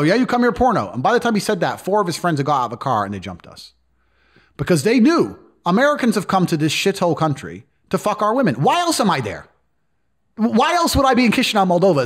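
A man telling a story in conversation, blunt, boastful and profane. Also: sits high.

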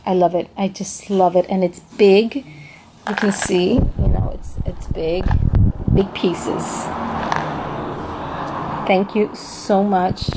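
A woman with a gravelly, fry-edged voice talks casually to her camera at home, gushing with enthusiasm and repeating her praise. She often pauses and trails off mid-sentence while hunting for the right word, and a faint noise sits under her voice. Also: medium pitch, dark tone. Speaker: craft vlogger showing a package.

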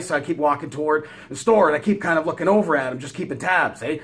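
A man's voice: fairly high pitch, quick pace. A man casually telling a long, rambling story, swearing constantly and acting out every beat. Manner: profane, animated, rambling. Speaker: vlogger.

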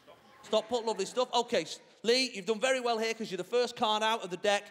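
A man's voice: sits high, fast talker, fairly bright tone. A male stand-up comedian, talking in a chatty, self-mocking way from a theatre stage. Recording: large hall with reverb, audience noise.

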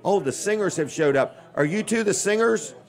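A man's voice: high voice, animated, normal speed, vocal fry. An older man hosting a live radio and TV show from a busy restaurant, rambling casually between giveaways and sponsor plugs with dry jokes. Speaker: host. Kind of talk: live on-location radio and TV talk.

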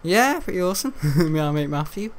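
A man's voice: high voice, lively intonation, normal speed, a little hiss or hum. A teenage young man giving rambling, chatty let's-play commentary while he plays, often laughing. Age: teens. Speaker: gaming video host.

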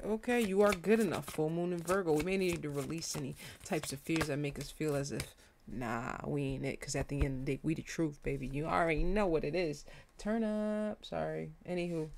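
A woman casually doing a tarot reading for her viewers, animated, slangy and openly emotional as she talks. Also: lowish voice, gravelly, slight background noise. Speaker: tarot reader.

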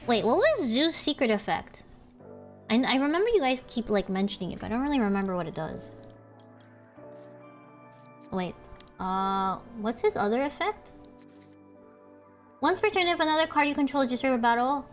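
A woman's voice: on the high side, animated, moderate pace, long pauses, faint music behind. A woman streaming a card game, thinking aloud, swearing and squealing when things go wrong. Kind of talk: casual gameplay streaming.

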